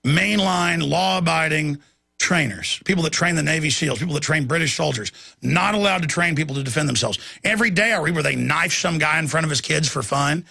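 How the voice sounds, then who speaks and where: A man's voice: a little high, brisk, gravelly, bright, forceful tone, husky, dry recording. A man hosting a nightly news show, delivering indignant, digressive commentary as he rants.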